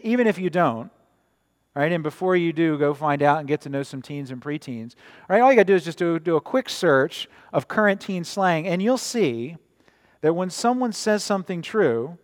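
Man preaching in a reverberant sanctuary. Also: fairly high pitch. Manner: conversational, frequent "right?" asides. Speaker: pastor. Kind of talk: sermon. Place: church.

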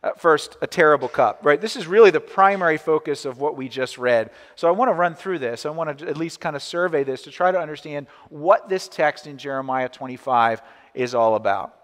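A man's voice: a little high, brisk, fairly bright tone. A man preaching a sermon as pastor, first reading scripture, then talking casually with restarts and asides. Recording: echoey church hall.

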